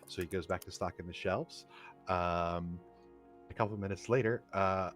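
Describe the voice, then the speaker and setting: A man's voice: sits low, steady tone, a bit bright, faint music behind. A man playing a social deduction game over voice chat, earnestly telling a long joke. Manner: earnest, deliberate storyteller. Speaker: game player. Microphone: push-to-talk voice chat.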